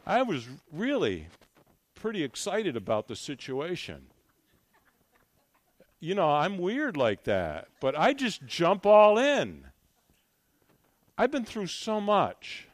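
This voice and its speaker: An older man preaching with fervour, his fairly high voice leaping up and down in pitch. He shifts from loud calls to hushed storytelling. The recording is dry and close, with little room sound. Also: wildly swooping pitch, slow pace, pauses often, no room sound. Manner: fervent, swings from loud exhortation to quiet storytelling. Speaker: guest speaker. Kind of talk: sermon with personal testimony.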